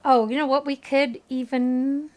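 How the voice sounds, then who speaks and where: A woman's voice: sits high, little pitch movement, unhurried, darkish tone. A woman in her thirties chatting with her viewers while streaming a game, laughing often. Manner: giggly, chatty, talks to chat. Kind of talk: casual gaming livestream chat.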